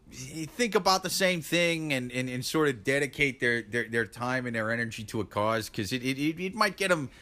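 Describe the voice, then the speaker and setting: A man's voice: mid-range voice, pushed and bright. A man, a comedian, talking in casual podcast chat, starting hesitantly with stammers and slipping into jokes. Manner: hesitant, stammering, then jokey.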